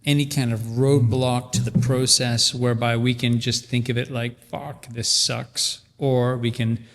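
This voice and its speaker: A man's voice: mid-range voice, little pitch movement, moderate pace, in a large hall. Reflective man with many restarts. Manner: thoughtful, searching, many restarts. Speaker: podcast host. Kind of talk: casual conversational interview.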